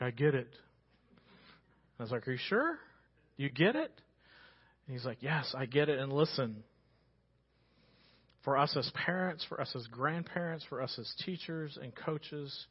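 A man preaching a sermon as pastor, telling stories in a conversational way and dropping quiet for serious points. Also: mid-range voice, muffled recording. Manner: storytelling, conversational with sudden quiet drops. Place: church sanctuary.

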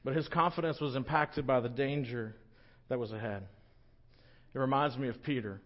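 Male pastor, conversational joking sermon, mid-pitched, dull lo-fi recording. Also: normal speed. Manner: conversational, joking, animated storytelling.

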